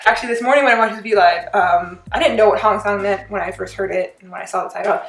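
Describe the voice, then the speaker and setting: A woman hosting a casual reaction vlog, speaking in an animated way, breaking into laughs and loud exclamations. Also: mid-range voice, fast talker, vocal fry. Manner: animated, bursts into laughter and shouting. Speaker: reaction channel host. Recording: echoey room with faint music.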